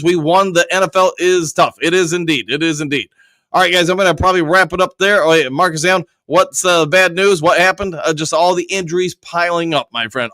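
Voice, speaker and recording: A man's voice: fairly high pitch, fairly bright tone, no room sound. A man hosting a live sports fan stream, reading viewer comments aloud and answering them in a loose, filler-heavy way, with some audible lip smacking. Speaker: host reading viewer chat. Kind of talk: casual live-stream chat.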